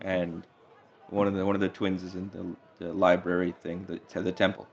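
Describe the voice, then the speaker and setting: A man's voice: deep voice, little pitch movement, a little fast. A man playing a tabletop game, wry and joking as he asks the game master questions. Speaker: player. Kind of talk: casual chat at a game table. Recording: dull lo-fi mic.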